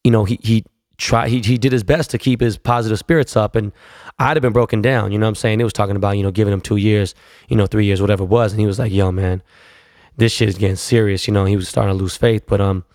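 A man's voice: on the low side, steady tone, quick pace, a little mellow, no echo, clean studio sound. A young man telling a long story in a casual, slangy, profane and rambling way.

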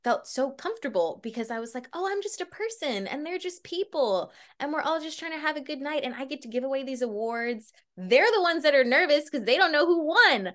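A woman's voice: high-pitched, expressive, brisk, hardly any pauses, fairly bright tone. Bubbly, laughing woman guest. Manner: bubbly, laughs often, tells stories with quoted voices. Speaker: guest performer. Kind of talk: casual interview chat.

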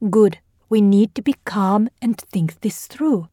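A woman voicing a calm, steely woman professor. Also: mid-range voice, no room sound, clean studio sound. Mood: steady. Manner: calm, deliberate. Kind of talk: audio drama reading.

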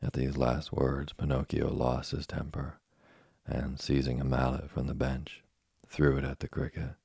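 A man narrating a classic tale as a sleep story reading, with a slow, soothing, even delivery. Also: extremely low pitch, vocal fry, breathy edge, no room sound, studio quality.

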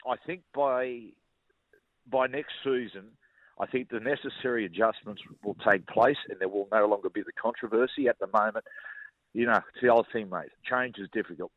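A man's voice: lowish voice, moderate pace, no room sound. A middle-aged Australian man, a former rugby league player, telling stories as a radio guest in a colloquial, chuckling way, stumbling over and repeating words. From Newcastle, Australia. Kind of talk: casual radio interview storytelling. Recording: dull, muffled broadcast audio.

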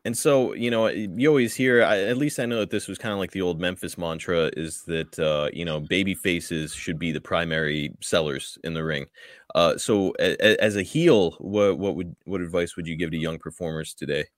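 A man's voice: low-pitched, moderate pace, dry recording, studio quality. A man co-hosting a podcast who asks curious, thoughtful questions in a casual interview.

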